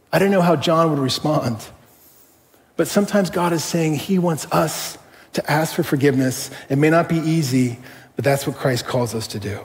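Middle-aged male pastor, fairly high voice, chatty storytelling sermon, long church reverb. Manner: conversational, animated, with rhetorical questions.

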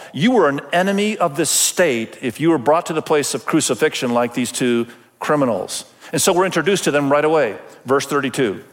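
A man's voice: on the high side, big-room sound. A man preaching a sermon as pastor, talking conversationally and acting out quoted voices.

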